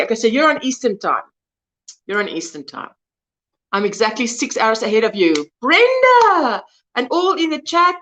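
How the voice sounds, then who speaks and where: High, lively woman. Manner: warmly greets viewers by name, reading the chat aloud. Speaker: crochet livestream host. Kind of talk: casual livestream chat.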